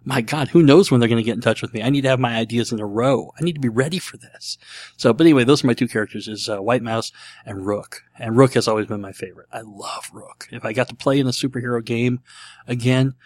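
A man's voice: medium pitch, fast, no room sound. A middle-aged man hosting a casual solo show, rambling and self-deprecating, with a dry throat. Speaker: podcast host answering listener questions.

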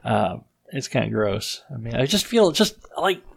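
A man's voice: mid-range voice, sing-song, normal speed, creaky, breathy edge, low-quality recording. A man hosting a casual podcast, talking in a loose, rambling way with plenty of restarts and self-deprecating asides. His nose is stuffed up, giving his ordinary mid-range voice a slightly congested sound. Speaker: podcast host.

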